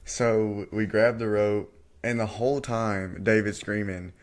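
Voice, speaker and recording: A man's voice: on the low side, fairly even intonation, measured pace. Young man eagerly retelling a story. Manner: eager retelling, acts out quoted lines. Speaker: podcast co-host. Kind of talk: casual storytelling chat.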